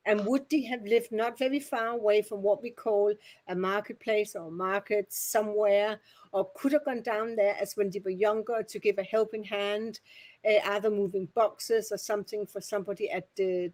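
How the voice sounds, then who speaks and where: A woman's voice: medium pitch, fairly even intonation, normal speed, darkish tone. A woman medium giving messages at a spiritualist service, chatty and rambling, often laughing.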